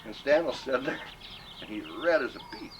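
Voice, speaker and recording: A man casually telling profane, animated stories about his old police dispatching days. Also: medium pitch, fairly quick. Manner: profane, animated anecdotes with acted quotes. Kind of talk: casual storytelling among old friends. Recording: distant mic, noisy home recording.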